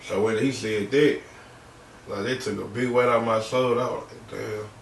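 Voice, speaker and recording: A young man in a podcast interview, telling a personal story in a halting, slangy, subdued way. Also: fairly low pitch, steady tone, vocal fry, recorded from a distance. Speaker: podcast guest. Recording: roomy, off-mic, faint background noise.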